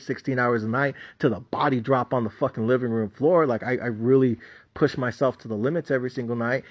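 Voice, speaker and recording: A boastful man in his middle years rants off the cuff, swearing nearly every line and scoffing at the people around him. His voice sits at an ordinary pitch for a man. The audio is muffled and lo-fi. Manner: boastful, swears constantly, laughs at others mockingly. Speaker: stock market trader and channel host. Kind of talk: profane unscripted rant. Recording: dull lo-fi audio.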